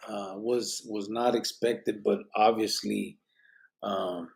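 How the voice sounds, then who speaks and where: Reading out chat comments on his live podcast, a man talks slowly and flatly in a fairly low, gravelly voice with a darkish tone. His rambling, loose delivery mixes in Spanish slang, and he sounds tired, yawning as he goes in this casual live-stream chat.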